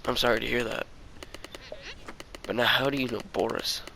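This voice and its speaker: A man voicing Henry, a curious and polite man who asks questions in a low, whispery way, as he reads a fan story aloud. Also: steady tone, normal speed, creaky, sharp tone, slight background noise, low-quality recording.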